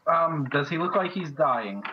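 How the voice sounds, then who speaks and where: A man playing a tabletop role-playing game, calmly stating his moves. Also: fairly high pitch, measured pace. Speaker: player. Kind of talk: casual tabletop play. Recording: dull lo-fi mic with faint noise.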